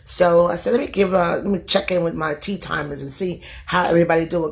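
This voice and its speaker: A woman's voice: on the low side, fairly even intonation, fast talker, vocal fry, hardly any pauses. A woman hosting a casual livestream from her phone, her voice going from a cold, singing greetings and chatting in a rambling way. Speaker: live stream host. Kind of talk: casual live stream chat.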